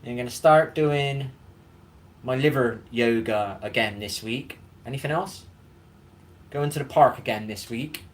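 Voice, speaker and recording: A man's voice: medium pitch, measured pace. A man hosting a live stream in casual chat, rambling, swearing and greeting viewers by name.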